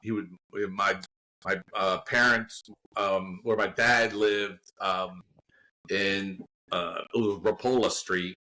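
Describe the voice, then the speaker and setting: Bright-voiced man telling a story. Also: low voice, takes it slowly, rough recording. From Baltimore area. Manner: animated, laughing anecdote telling. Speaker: guest actor. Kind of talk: casual storytelling.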